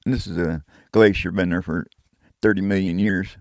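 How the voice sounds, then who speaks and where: A man telling his own story in a casual, rough and profane way, chuckling now and then. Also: low voice, fairly even intonation, moderate pace, a little mellow, dry recording, clean studio sound. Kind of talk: casual first-person storytelling.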